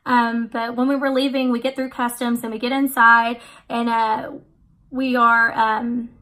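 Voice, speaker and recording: A chatty young woman vlogging about her trip, her voice sitting a little high. She rambles along with plenty of "like" and "um", in an easy storytelling way. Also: little pitch movement, unhurried, pushed and bright. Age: 20s. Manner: chatty, many fillers and "like". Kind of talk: casual storytelling.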